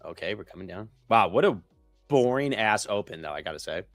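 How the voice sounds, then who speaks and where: A man co-hosting a live trading stream, excitable and slangy, joking with the others. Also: lowish voice, brisk, no room sound, clean studio sound, faint music behind. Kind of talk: casual trading chat.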